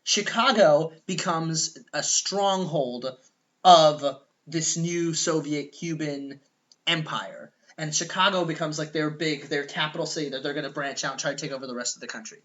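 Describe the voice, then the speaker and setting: Young male podcast co-host, bright and high-pitched, rambling comic storyteller on a dull lo-fi recording. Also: normal speed. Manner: rambling, animated, acts out characters in quoted voices. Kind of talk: casual comedic movie pitch.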